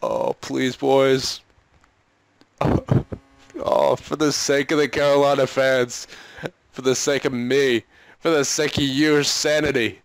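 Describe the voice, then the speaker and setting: A man's voice: mid-range voice, little pitch movement, slow, vocal fry, smooth, dry recording. A man doing let's-play commentary on a hockey video game, exasperated and pleading with his team, often laughing and sighing. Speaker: gaming commentator.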